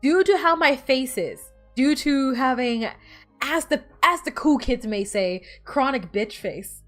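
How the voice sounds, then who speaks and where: A woman's voice: high-pitched, lively intonation, a little slow, fairly bright tone, faint music behind. A woman streamer chatting casually while playing, rambling and bossing her game characters around. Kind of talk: casual gameplay chat.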